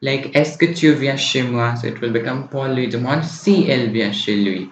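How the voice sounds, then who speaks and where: Speaking at a moderate pace in a medium-pitched voice, a man runs an online French exam-prep session in a roomy space. He explains one step at a time and often asks "right?" and "okay?". Slight background noise sits under the dull lo-fi audio.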